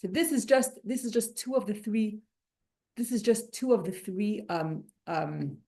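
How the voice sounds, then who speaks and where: A woman teaching a Torah class, animated and restarting her sentences often. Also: mid-range voice, measured pace. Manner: animated, many restarts and repeated words.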